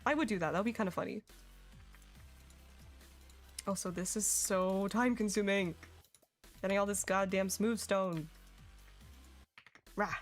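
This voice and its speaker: This is casual gaming stream chat from a young woman with a medium-pitched voice who speaks at a measured pace and pauses often. She giggles, chats and reacts to viewers, with faint music behind her.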